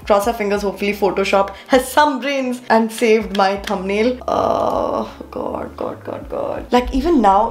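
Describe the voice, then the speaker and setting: A young woman with an Indian English accent, talking casually and straight to viewers as she vlogs at home. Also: medium pitch. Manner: chatty, talks straight to viewers. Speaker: vlogger. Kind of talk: casual vlog chat.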